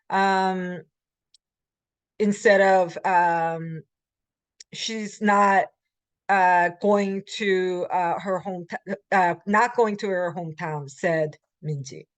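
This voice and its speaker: In this dry recording, a language instructor with an American accent and a medium-pitched voice presents a grammar lecture. Her pattern is to rattle off brief example sentences fast before slowing down to explain them, using plenty of filler words.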